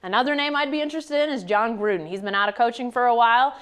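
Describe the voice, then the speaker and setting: A woman's voice: fairly high pitch, fast, fairly bright tone, clean tone. A woman co-hosting a casual sports talk show, reading listener questions and answering in a conversational way.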